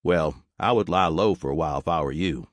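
A man's voice: a bass voice, a little fast, no echo. A man voicing a nervous male burger-shack owner who talks in a flustered, pleading way. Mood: worried.

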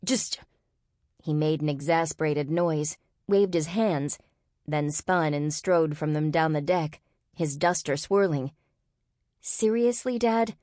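Low-voiced woman narrating an audiobook. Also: fairly even intonation, a little slow, darkish tone, dry recording, clean studio sound. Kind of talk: scripted narration.

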